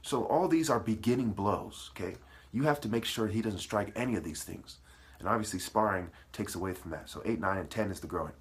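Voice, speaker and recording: A man's voice: fairly low pitch, fairly quick. A man delivering a profane, preachy monologue, breaking words apart into syllables as he lectures. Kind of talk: ranting monologue.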